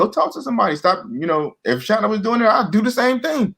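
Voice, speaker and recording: A man's voice: big pitch swings, quick pace, gravelly, a bit bright, breathy edge. A man talking casually as a guest, earnest and repetitive, often restarting his sentences and acting out quoted voices. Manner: acts out quoted voices in a higher pitch. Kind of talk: casual talk.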